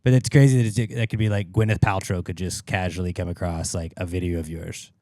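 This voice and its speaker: Low-voiced joking podcast co-host man. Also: fairly even intonation, fairly quick, dark tone, no room sound, studio quality. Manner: joking, swears often. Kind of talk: casual podcast banter.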